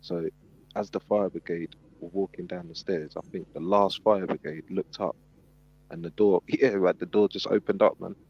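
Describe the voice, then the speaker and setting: Male panel guest, low husky voice, lively storyteller, muffled lo-fi sound. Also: moderate pace. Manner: animated storyteller, acts out quotes. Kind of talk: casual storytelling. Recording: dull lo-fi sound.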